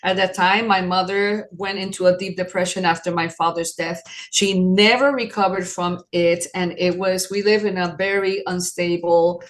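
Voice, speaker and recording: A woman's voice: fairly low pitch, steady tone, moderate pace. A woman around sixty from New York City, sharing her personal story as an interview guest, earnest and reflective.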